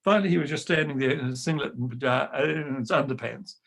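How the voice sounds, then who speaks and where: An older man, a retired choir director, telling lively anecdotes over a video call and acting out the voices he quotes. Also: mid-range voice, fast, vocal fry, noisy background. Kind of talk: storytelling talk.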